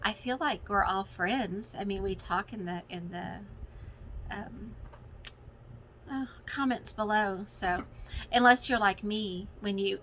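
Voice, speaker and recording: Woman, middle-aged, excitable, gushing, bright voice, faint background noise. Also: medium pitch, a little slow, rough recording. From Texas. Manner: gushing and excitable, many fillers. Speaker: cross-stitch vlogger. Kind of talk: casual chat to viewers. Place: home, with children and TV in the background.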